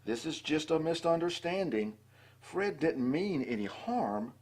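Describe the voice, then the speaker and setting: A calm mother bear from a storybook, as a man reads her, soothing and husky. She speaks in an even, caring voice with lively turns of pitch. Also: unhurried. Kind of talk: storybook read-aloud.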